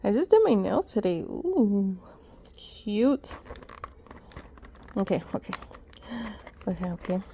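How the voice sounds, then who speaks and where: Excitable woman unboxing gifts, mellow voice. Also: mid-range voice, slow, long pauses, husky. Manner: excitable, says "guys" constantly. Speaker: vlogger. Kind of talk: casual unboxing chat.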